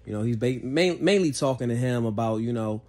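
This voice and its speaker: A man's voice: mid-range voice, expressive, a little fast, a little mellow. A man giving a casual spoken movie review, laid-back and profane, rambling with frequent restarts.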